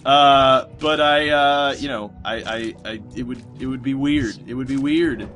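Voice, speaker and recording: A man's voice: medium pitch, measured pace, fairly bright tone, soft background music. A man giving casual gameplay commentary, rambling and self-mocking, cursing at the game and slipping into a put-on British accent at times. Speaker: let's play commentator.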